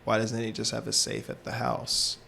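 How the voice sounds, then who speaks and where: A man's voice: on the low side, completely flat delivery, moderate pace, vocal fry, sharp tone, slight background noise. A man co-hosting a podcast, bantering and arguing his points in casual chat. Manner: joking, argumentative banter. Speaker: podcast co-host.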